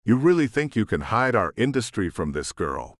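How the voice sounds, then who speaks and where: A man's voice: on the low side, very animated, moderate pace, dry recording, studio quality. A man voicing a paranoid, distrustful male hacker who speaks in clipped, dismissive lines in an audiobook. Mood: accusing. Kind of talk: audiobook character voice.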